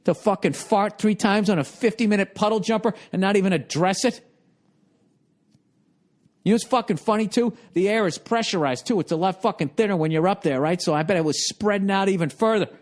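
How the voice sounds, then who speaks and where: A middle-aged man with a Boston accent, fired up and profane on stage. His voice sits high for a man and leaps even higher whenever he acts out his own outrage. The delivery is a stand-up comedy rant. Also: brisk. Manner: profane, exasperated storytelling with sudden high-pitched outbursts.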